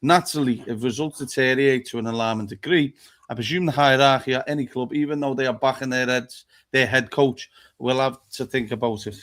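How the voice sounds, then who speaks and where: A man's voice: mid-range voice, steady tone, a little fast, fairly bright tone. A man hosting a live fan talk show, sweary and blunt, reading out comments from viewers.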